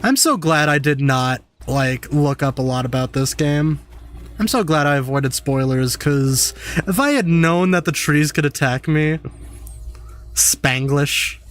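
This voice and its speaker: A man's voice: on the high side, a little slow, a bit bright. A young man streaming a game and chatting with viewers, swearing freely as he talks. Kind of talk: casual gameplay commentary.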